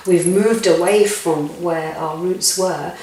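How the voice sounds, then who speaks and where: Woman presenter, Indian English accent, animated interviewer, distant mic in an echoey room. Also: on the low side, takes it slowly, slight background noise. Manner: animated questioner, laughs often. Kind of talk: casual interview chat.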